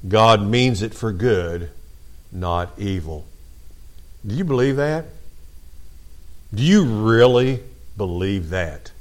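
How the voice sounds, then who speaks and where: A low-pitched man preaching from the pulpit. He builds each point through repeated phrases and lands the key lines slowly and deliberately. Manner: preaching with rising emphasis and dramatic pauses. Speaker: pastor. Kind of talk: sermon.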